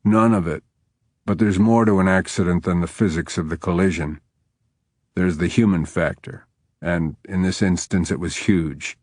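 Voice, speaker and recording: A male audiobook narrator voicing a surly, guarded widowed lawman in a curt, gruff way. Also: sits low, moderate pace, darkish tone, no room sound, studio quality.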